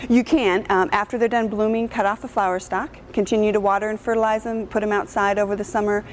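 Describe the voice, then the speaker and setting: A woman's voice: mid-range voice, level tone, quick pace, slight background noise. A woman, a gardening expert, gives practical step-by-step plant care instructions in an interview. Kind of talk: interview answers.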